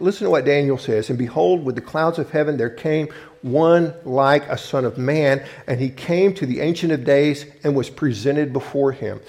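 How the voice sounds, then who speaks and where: A man with a fairly high, slightly mellow voice preaches a sermon from scripture. He's emphatic, often restarting mid-thought to rephrase his point as he urges listeners to look and listen.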